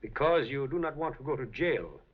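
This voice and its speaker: A suave scheming casino boss. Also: male voice, mid-range voice, expressive, moderate pace, breathy edge. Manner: urbane, dryly amused, coolly threatening. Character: suave scheming male casino operator, older, smooth and commanding. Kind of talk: 1930s film acting. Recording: dull old film soundtrack.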